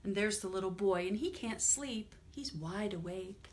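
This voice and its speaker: A woman librarian leading a toddler storytime, reading books aloud and gently asking the children questions. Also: medium pitch, normal speed, slight background noise.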